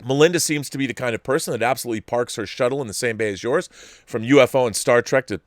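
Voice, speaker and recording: A man's voice: mid-range voice, quick pace, no echo, clean studio sound. A middle-aged man hosting a casual solo commentary show, rambling and laughing often between thoughts. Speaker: show host.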